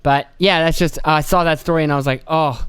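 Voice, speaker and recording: A man's voice: on the high side, fairly even intonation, fast, a bit bright, clean tone, no echo. A man hosting a podcast in a casual comedic rant, swearing often and rambling from story to story. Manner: profane, rambling, acts out voices. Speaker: podcast host.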